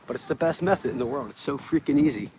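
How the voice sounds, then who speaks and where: A man with a mid-range voice speaks quickly to the camera for his family vlog, recorded outdoors in a snowy yard with a noisy background. He's casual, upbeat, and chatty, laughing often.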